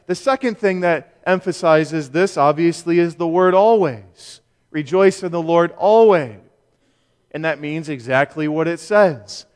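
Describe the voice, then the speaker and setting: A male pastor preaching a sermon, measured and emphatic, with rhetorical questions. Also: fairly high pitch, smooth. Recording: long reverb of a church hall.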